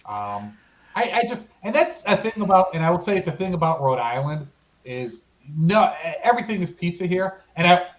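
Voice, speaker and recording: High-voiced man on a slightly muffled mic. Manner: excitable, relishing food talk with drawn-out exclamations. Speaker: podcast co-host. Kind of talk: casual chat.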